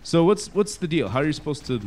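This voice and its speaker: A young man chatting casually while playing a video game with a friend, animated and rambling, laughing often. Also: fairly high pitch, fast talker, slight background noise. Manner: animated, laughs a lot, rambling with many fillers. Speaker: let's play co-commentator. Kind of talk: casual gaming chat.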